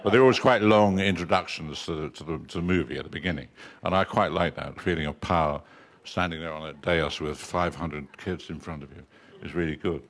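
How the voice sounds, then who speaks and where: An older man, an interview guest, telling relaxed self-deprecating stories and chuckling between them. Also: a bass voice, fairly quick. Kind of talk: relaxed anecdotal chat.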